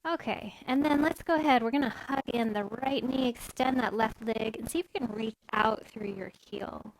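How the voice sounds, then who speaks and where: A woman yoga instructor gently guiding a live-streamed class in a chatty, easygoing way. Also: fairly high pitch, moderate pace, dry recording. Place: home room, phone camera set far off. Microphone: phone far across the room.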